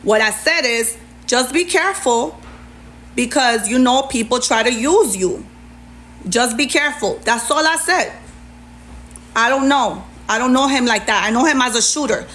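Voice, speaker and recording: A woman's voice: fairly high pitch, expressive, normal speed, fairly bright tone, slight background noise. A woman, ranting heatedly on a livestream and retelling an argument with plenty of sass. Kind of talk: livestream rant.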